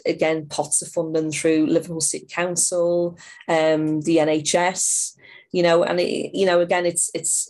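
A woman's voice: low-pitched, darkish tone. A middle-aged woman from Ireland, an outreach worker answering interview questions in a rambling way with many restarts.

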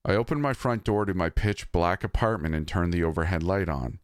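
A man reading a scripted horror story in a measured, somber way. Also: low voice, no room sound, studio quality.

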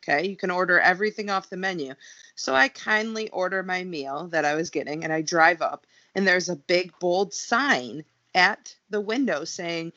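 A woman's voice: fairly low pitch, normal speed, sharp tone, dry recording, muffled recording. A woman co-hosting a casual chat, ranting with indignation and sarcastic asides. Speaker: podcast co-host.

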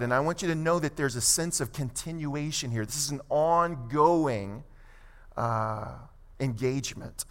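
A man preaching a sermon as pastor, emphatic, with quick asides and slow, stressed phrases. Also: mid-range voice. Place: church sanctuary. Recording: long hall reverb.

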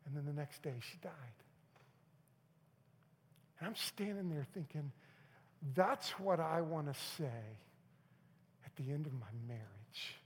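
A middle-aged male pastor telling a personal story in a sermon, moving from loud urging to hushed, near-whispered moments. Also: a little high, unhurried, long pauses, slightly rough. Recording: long hall reverb.

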